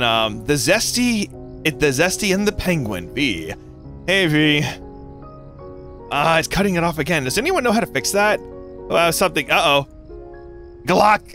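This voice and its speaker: Young man, gaming commentary, bright tone, lively pitch, giggly, rambling, soft music behind. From North Carolina. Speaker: gaming YouTuber. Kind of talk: casual gameplay commentary.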